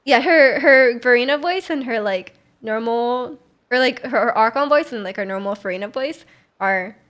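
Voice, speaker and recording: Young woman gaming streamer, casual chatty rambling, lots of likes and ums, slightly high pitch. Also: normal speed, fairly bright tone. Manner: chatty and rambling, many fillers and restarts. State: clearing her throat. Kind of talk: casual live-stream chat over gameplay.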